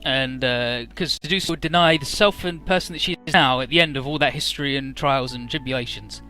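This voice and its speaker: A man voicing a blunt but caring young woman team leader in a game recap, speaking earnestly and fast. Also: medium pitch, pushed and bright, faint music behind, close to an everyday voice.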